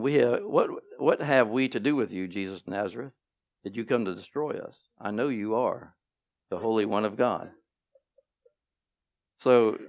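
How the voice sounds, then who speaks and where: A man preaching a sermon to his congregation, animated and repeating key phrases, with playful asides. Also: on the low side, vocal fry. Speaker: pastor. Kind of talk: sermon teaching. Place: church sanctuary.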